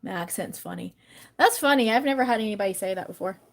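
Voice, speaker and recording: A woman's voice: medium pitch, animated, fast, vocal fry. A woman from the United States, a manifestation coach chatting casually on a livestream and answering viewers' comments.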